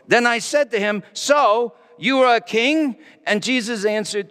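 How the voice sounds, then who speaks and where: A male pastor preaching a dramatic first-person monologue, speaking in character as a Roman governor with a theatrical, halting delivery. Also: high-pitched, lively intonation, a bit bright. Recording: long reverb of a large hall.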